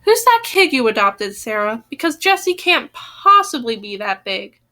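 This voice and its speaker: A woman's voice: a little high, big pitch swings, moderate pace, sharp tone. A woman doing a brash, breezy aunt. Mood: cheery. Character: bold, breezy adult sister, takes charge.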